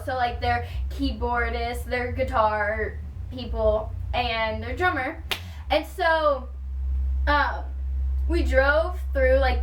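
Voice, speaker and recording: High-voiced gushing young woman vlogger. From Texas. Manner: gushing, excited fan storytelling with many "like" and "um" fillers. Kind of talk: casual storytime vlog. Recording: roomy sound with the mic at a distance.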